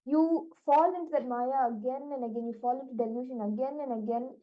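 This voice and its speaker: High-voiced woman explaining a spiritual lesson. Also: fairly even intonation, a little fast. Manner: explains with everyday examples, many "like" fillers. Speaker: spiritual teacher. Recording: dull lo-fi recording.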